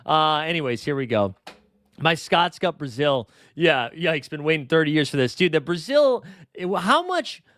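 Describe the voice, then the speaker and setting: Hosting a fantasy sports livestream, this young man talks casually in a slightly high, a bit bright voice, rambling, swearing and going off on tangents. The studio-quality audio has no echo.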